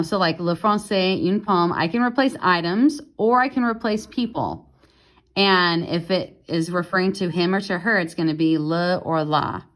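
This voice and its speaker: A woman who teaches French explains grammar in a casual lesson recorded at home, patient and unhurried, with small fillers. Her voice is fairly low.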